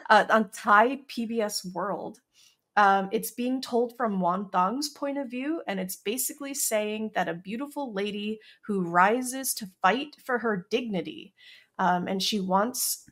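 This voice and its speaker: Slow, hesitant woman explaining. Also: mid-range voice. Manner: hesitant, many ums and uhs, explains research. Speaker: podcast co-host. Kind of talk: casual recap chat.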